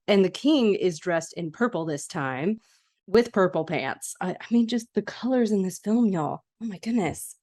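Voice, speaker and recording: A woman, hosting a podcast and excitedly recapping a movie scene by scene. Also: fairly low pitch. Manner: chatty, excitable, laughing asides. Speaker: podcast host. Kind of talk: casual movie rewatch recap.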